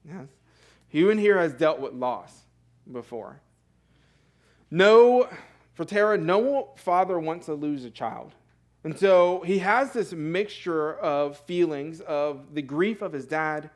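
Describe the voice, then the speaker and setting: A young male pastor delivers a sermon in a church sanctuary. His voice sits a little high, and he speaks in an earnest, conversational way, full of fillers and quick self-corrections. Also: animated.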